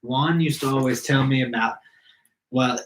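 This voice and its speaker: A man co-hosting a podcast in casual chat, rambling and quick to laugh. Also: mid-range voice, steady tone. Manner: laughs easily, rambling and chatty. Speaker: podcast co-host. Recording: echoey room with faint noise.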